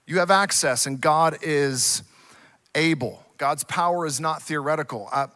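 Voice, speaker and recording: A man's voice: fairly high pitch, unhurried, bright, forceful tone. A man in his forties, a pastor who preaches a conversational, earnest sermon full of stories.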